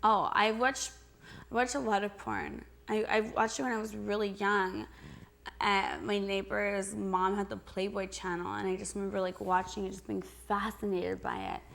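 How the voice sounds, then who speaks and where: A woman's voice: mid-range voice, level tone, normal speed, creaky, fairly bright tone. A young adult woman answering interview questions in a chatty, giggly way, full of "like" and restarts. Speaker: interview guest.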